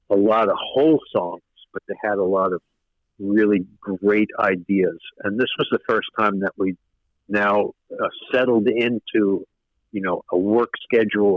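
A man's voice: on the low side, dry recording. An older man, a record producer, telling stories in an interview, rambling with many fillers and restarts. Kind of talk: casual interview storytelling. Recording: dull lo-fi radio sound.

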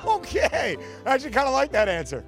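A man hosting a sports betting show, joking with passers-by and his producer in quick, playful questions. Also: very high-pitched, huge pitch swings, vocal fry, music in the background. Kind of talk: playful street interviews and betting banter.

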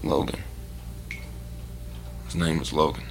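An actor playing a rough fisherman who witnessed a massacre, telling it in an agitated, slangy way in an audio drama. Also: very deep voice, flat delivery, slow pace, over music. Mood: insistent.

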